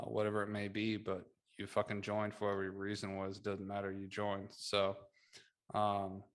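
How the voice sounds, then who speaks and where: Casting note: male veteran co-host, gravelly low voice, flat delivery, blunt. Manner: blunt, heavy swearing. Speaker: podcast co-host and military veteran. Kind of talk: casual podcast chat.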